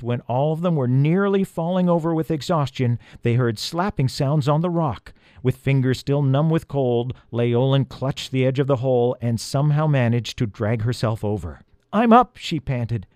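A man reads a children's storybook aloud in a dry, close recording. His voice sits at an ordinary middle pitch, and he tells the story expressively, easing the pace at tense moments. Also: no echo. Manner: expressive, slowing for dramatic moments. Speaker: audiobook reader. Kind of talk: storybook narration.

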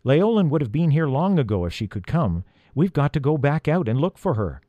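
A man's voice: on the high side, big pitch swings, brisk, no echo, dull audio, voice pushed up. A man voicing an earnest, clever young boy in a storybook reading, thinking aloud with urgency. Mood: worried.

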